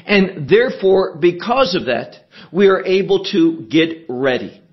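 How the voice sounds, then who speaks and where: A man teaching a sermon verse by verse, deliberate and emphatic, asking rhetorical questions as he explains the text. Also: sits high, animated, muffled recording. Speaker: Bible teacher.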